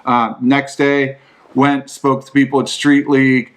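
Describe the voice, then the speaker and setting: A male podcast host answers listener questions through casual, rambling stories, swearing often and saying "like" constantly. His medium-pitched voice is flat and unhurried.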